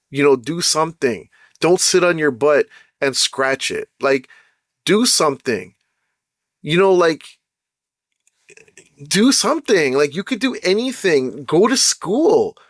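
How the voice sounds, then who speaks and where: A man rants straight to his viewers in a casual vlog, exasperated and circling back to the same points. His voice sits a little high for a man, and the sound is dry and close with no room around it. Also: no room sound. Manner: exasperated, ranting, repeats "bro" and "like". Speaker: vlogger. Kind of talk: casual ranting monologue.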